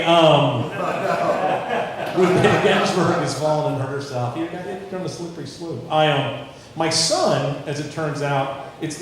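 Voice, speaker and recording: Dry-witted male comic in an echoey room. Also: fairly high pitch. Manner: dry, self-mocking, dark punchlines. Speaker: stand-up comedian. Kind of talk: stand-up comedy set. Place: comedy stage before a live audience.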